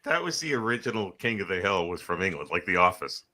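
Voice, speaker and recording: Low, bright-toned wisecracking man. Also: very animated, fast talker. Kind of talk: casual banter.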